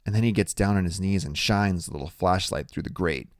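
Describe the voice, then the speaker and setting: A man's voice: sits low, brisk, dry recording, studio quality. A man narrating an audiobook in the first person, in a plain, conversational storytelling manner.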